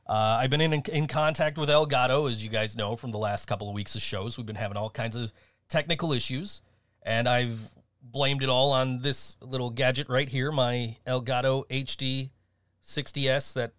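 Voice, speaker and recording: A man's voice: mid-range voice, fairly even intonation, normal speed, a bit bright, no echo, studio quality. A man co-hosting a casual podcast, laughing often and swearing casually. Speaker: podcast co-host. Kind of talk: casual chat.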